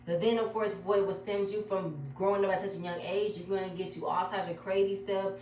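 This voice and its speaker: A woman's voice: mid-range voice, flat delivery, fairly quick, hardly any pauses, a little mellow, a little hiss or hum. A woman giving a casual, emotional recap of a reality show episode, talking chatty and repeating herself. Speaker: reality TV reviewer. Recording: echoey room, distant mic.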